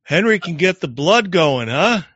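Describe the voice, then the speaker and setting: Call-in host guy, handles callers quick, a bit higher voice, dry dull sound. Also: sing-song, fairly bright tone, husky, no echo. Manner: brisk, managing callers. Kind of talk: call-in show hosting.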